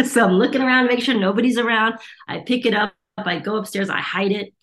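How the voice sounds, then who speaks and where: Brisk and a little high-pitched, her voice carries a bit of brightness. She's a middle-aged Reiki teacher from the United States who tells stories in an interview, mimicking the voices of those she quotes.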